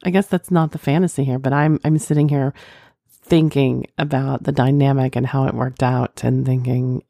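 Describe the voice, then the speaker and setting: A woman hosting an intimate adult advice talk and reading listener letters, speaking in a slow, teasing, suggestive way with murmured hums. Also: extremely low pitch, steady tone, gravelly, mellow, dry recording, studio quality.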